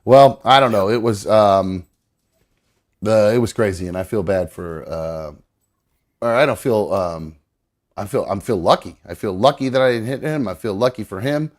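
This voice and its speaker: A man's voice: fairly low pitch, moderate pace. A middle-aged man hosting a live show, chatting loosely, rambling and swearing casually. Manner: rambling, swears casually, coos at his dog. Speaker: podcast host. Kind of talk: casual live-stream chat.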